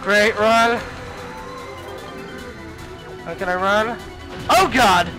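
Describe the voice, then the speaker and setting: Young man, let's play commentary, high pitch, exasperated, faint game music behind. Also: drawn-out words, low-quality recording. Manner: exasperated, exclaiming, frustrated at the game. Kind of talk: live gameplay commentary.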